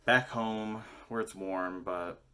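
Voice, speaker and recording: Low-voiced rambling man chatting casually. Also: steady tone, takes it slowly, sharp tone, clean tone, faint music behind. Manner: rambling, jokey, swears casually. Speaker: musician vlogger. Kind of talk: casual rambling chat to camera.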